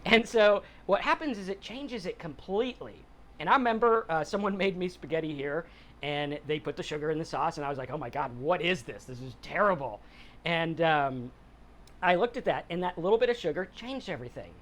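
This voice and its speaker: A man's voice: fairly high pitch, expressive, a little fast, fairly bright tone. Conversational middle-aged man hosting a podcast. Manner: conversational, acts out quotes in other voices. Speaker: podcast host. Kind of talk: casual motivational talk on sobriety.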